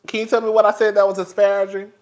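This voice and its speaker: A man with a high voice runs a casual gossip livestream, laughing as he talks. He is sassy and profane, keeps calling the chat "girl", and speaks. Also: flat delivery, quick pace. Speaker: YouTube commentary host.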